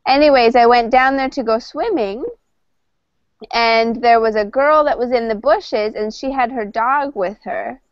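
A woman's voice: a little high, a little slow, no room sound, dull audio. A Canadian woman teaching an English conversation class, telling a story casually with lots of fillers and restarts. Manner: chatty, with frequent fillers and restarts.

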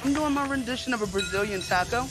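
A woman in her thirties from Atlanta, a cooking contestant talking with eager high energy. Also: fast, over a noisy crowd. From Atlanta, USA. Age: 30s. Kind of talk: excited confessional interview. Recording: music bed under speech.

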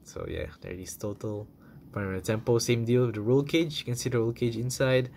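A man's voice: mid-range voice, brisk, gravelly, darkish tone, a little hiss or hum. A young man casually reviewing toy cars in a chatty, enthusiastic vlog style, full of fillers.

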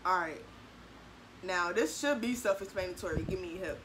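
A young woman with a DMV accent explaining slang in casual chat, animated and acting out quotes in a high voice. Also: moderate pace, a little hiss or hum, rough recording. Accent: DMV Black American English. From DMV area, US.

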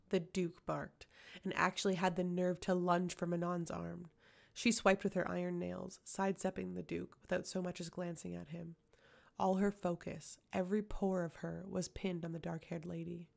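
A woman reading a fantasy novel aloud as audiobook narration, steady and even. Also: on the low side, creaky. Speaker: audiobook reader.

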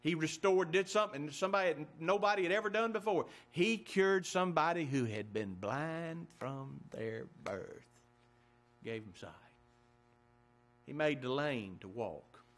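A pastor delivers his sermon in a fairly high, bright, forceful voice. He keeps tossing rhetorical questions to the congregation and reads scripture aloud in old-fashioned wording, pushing his emphasis up as he goes. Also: expressive, a little slow.

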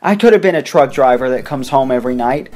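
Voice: mid-range voice, lively intonation, fast. Young adult gamer rambling over play. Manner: rambling, hums to self, sudden loud outbursts at the game. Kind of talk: rambling game commentary. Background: faint game music.

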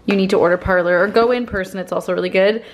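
Young woman, casual vlog, bubbly and chatty, filming herself at home on a handheld camera, mid-pitch voice. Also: fairly even intonation, rapid-fire. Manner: bubbly and chatty, many fillers. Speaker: vlogger and brand founder. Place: her apartment.

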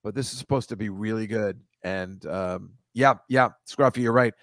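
A man's voice: on the low side, normal speed, no room sound. A man hosting a comedy podcast, riffing casually with rambling, profane, sarcastic asides.

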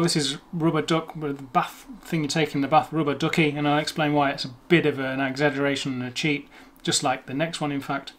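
An English-accented man talks through a pronunciation lesson in a relaxed, chatty way. His voice sits a little high for a man. He slows down to spell out tricky sounds and pokes fun at himself as he goes. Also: slight background noise. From England. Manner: chatty, self-deprecating, slows to sound out words. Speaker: language teacher. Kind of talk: casual explanatory lesson.

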